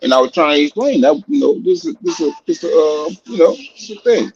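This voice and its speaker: A man's voice: fairly high pitch, fairly quick, gravelly, muffled recording. A man with a Southern US accent, making his point insistently in casual radio chat. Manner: insistent, animated, repeats himself.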